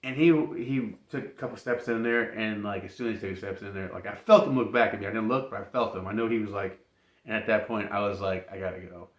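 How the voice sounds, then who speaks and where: A man casually telling an embarrassing personal story, animated and laughing as he goes. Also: on the low side, fast. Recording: roomy echo.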